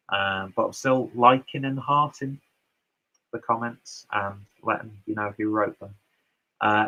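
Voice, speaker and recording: A man's voice: lowish voice, fairly bright tone, poor audio. A man casually reading out and answering viewer comments on his beer reviews, loose and chatty with lots of fillers and asides.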